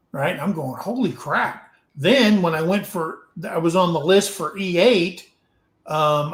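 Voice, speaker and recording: Echoey middle-aged man telling army stories. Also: on the high side. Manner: storytelling, animated, acts out dialogue. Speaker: co-host, retired Army sergeant. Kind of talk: casual livestream chat.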